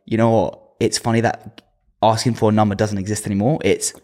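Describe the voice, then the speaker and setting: A man's voice: on the low side, a little fast. A man, co-hosting a casual podcast chat, laughing often and acting out the voices of people in his stories. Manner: animated storyteller, laughs often, acts out quotes. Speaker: podcast co-host.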